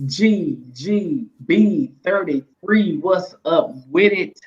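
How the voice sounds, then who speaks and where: A man's voice: high-pitched, lively intonation, very slow. A man co-hosting a casual podcast, hyping up each listener's name with stock phrases. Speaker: podcast co-host. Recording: dull lo-fi sound.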